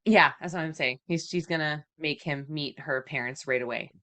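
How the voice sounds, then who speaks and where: Rambling, giggly woman with a low-ish voice. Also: moderate pace, fairly bright tone. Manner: rambling, giggly, guessing plots. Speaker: podcast co-host. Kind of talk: casual chat.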